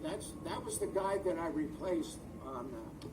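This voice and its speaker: An older man, an actor of stage and screen, tells rambling anecdotes as a guest in an interview, chatty and often groping for words. His voice sits on the high side with lively intonation and a slightly slow pace. He's far from the mic on a video call, with noisy surroundings.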